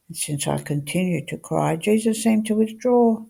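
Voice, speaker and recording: A woman with a gravelly, husky voice reads devotional passages aloud. Her tone is mellow and fairly low, and she puts feeling into the quoted dialogue. The pace is measured. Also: expressive. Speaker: reader. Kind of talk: devotional scripture reading.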